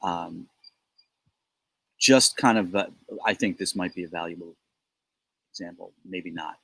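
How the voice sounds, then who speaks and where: A man's voice: deep voice, fairly even intonation, unhurried, vocal fry, a bit bright, breathy edge, low-quality recording. A middle-aged man co-hosting a casual business chat, talking in a loose, rambling way with joking asides, recorded outdoors on his home deck. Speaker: co-host.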